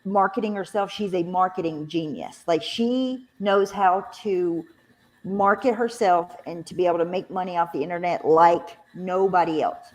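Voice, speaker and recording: A woman's voice: fairly low pitch, normal speed, a little mellow. A woman giving emphatic, opinionated commentary in a casual chat. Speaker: co-host.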